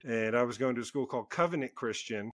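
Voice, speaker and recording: A man co-hosting a podcast, telling childhood stories in a casual, animated way, laughing and swearing freely. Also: mid-range voice, fast. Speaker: podcast co-host. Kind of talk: casual chat, storytelling.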